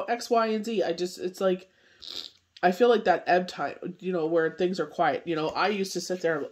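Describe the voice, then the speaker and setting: A man reading tarot cards in a casual spoken forecast, talking in a loose, rambling way full of fillers. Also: a little high. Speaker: tarot reader and medium.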